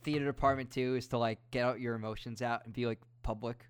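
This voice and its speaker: A man's voice: medium pitch, steady tone, quick pace, clear, resonant tone. A young man hosting a casual chat, encouraging his guest with prompting questions. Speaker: host.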